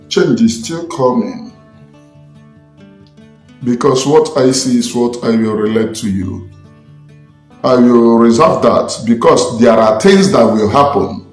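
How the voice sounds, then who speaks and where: A man's voice: medium pitch, darkish tone. A man with a Nigerian accent, a self-styled spiritualist, angrily preaching and scolding his listeners in an impassioned online rant. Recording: echoey room with faint music.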